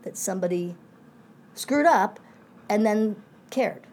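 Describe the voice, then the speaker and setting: A woman's voice: mid-range voice, animated, slow pace, a little mellow, a little hiss or hum. A middle-aged woman professor in a conversational interview, speaking reflectively in winding asides.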